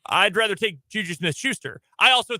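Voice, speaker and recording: A man's voice: high-pitched, lively intonation, pushed and bright, no room sound. A man with an Upper Midwest accent from the Chicago area, co-hosting a sports radio show in casual, rambling chat. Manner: chatty, rambling, quick to laugh. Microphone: studio microphone.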